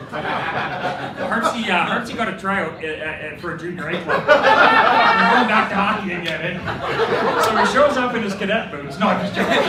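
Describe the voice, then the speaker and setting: A man, giving a best man's wedding speech and telling jokey stories that he laughs through, turning earnest when he praises his friend. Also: high-pitched. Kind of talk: wedding toast storytelling. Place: reception hall with guests. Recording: roomy, distant, loud room noise.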